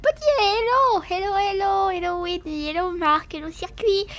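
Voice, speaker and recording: A woman's voice: very high voice, normal speed, fairly bright tone. A woman streamer in casual live chat, giggly and apologetic, hesitant with many fillers, talking while she eats and drinks. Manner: talks while eating and drinking.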